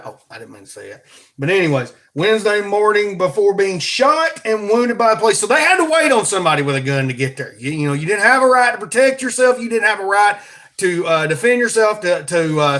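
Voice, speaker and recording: A man's voice: a little high, pushed and bright. A man with an Alabama accent hosting a podcast in a folksy, rambling, joking monologue. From Alabama, USA. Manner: folksy, joking, plugs merch. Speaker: podcast host.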